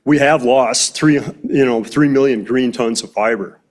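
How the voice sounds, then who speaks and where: A man's voice: medium pitch, measured pace. A man with an ordinary mid-range voice addresses a county board meeting. He is plain-spoken and sprinkles his talk with hesitant fillers. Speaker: forestry company president.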